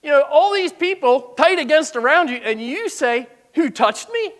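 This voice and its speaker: A man voicing the incredulous male disciples, protesting in a high, exasperated voice as he retells a Bible story. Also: lively intonation, normal speed, fairly bright tone. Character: incredulous crowd-jostled male disciples, adult.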